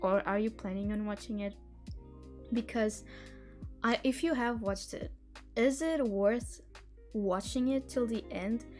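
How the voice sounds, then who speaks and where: A woman's voice: on the high side, a little slow, pauses often, darkish tone, faint music behind. A young woman hosting a live stream, chatting casually in a rambling, giggly way with lots of restarts. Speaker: streamer hosting reading sprints.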